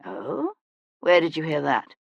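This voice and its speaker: Narrator playing an aristocratic male detective, calm, dryly ironic, lively pitch, dry recording. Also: measured pace, gravelly, no echo, highs cut off, full character voice. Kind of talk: audiobook character voice.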